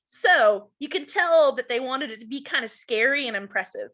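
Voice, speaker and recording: A woman reading a storybook aloud to children, stopping to explain things gently to her young listeners. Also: high voice, expressive, moderate pace, dull audio.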